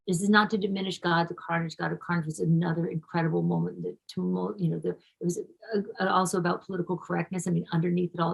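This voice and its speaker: A woman's voice: fairly low pitch, creaky, slightly rough, poor audio. A middle-aged actress being interviewed, talking effusively and casually, often restarting her sentences.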